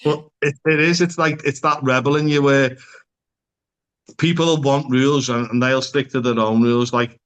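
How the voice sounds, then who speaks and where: A man's voice: medium pitch, fairly even intonation, moderate pace, fairly bright tone. Rambling Scouse man, casual chat. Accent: Liverpool (Scouse). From Liverpool, England. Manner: rambling, peppers speech with "like" and swearing. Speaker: psychotherapist guest. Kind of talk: casual podcast conversation.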